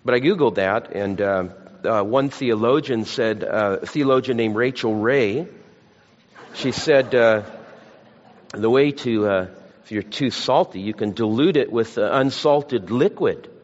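With a medium-pitched voice and measured pace, a pastor mixes Bible passages with folksy tales that poke fun at himself. The sermon comes from a lo-fi church hall recording.

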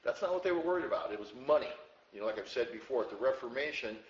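A man preaching a verse-by-verse Bible teaching sermon in a conversational way, getting louder when he quotes a verse and dropping low for asides. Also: lively intonation, racing. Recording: roomy, dull audio with faint ambience.

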